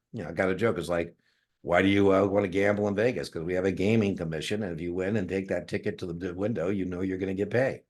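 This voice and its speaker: A middle-aged man, teaching an exam prep class in a jokey, animated way and acting out little dialogues with students. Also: sits low. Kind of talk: lecture class replay.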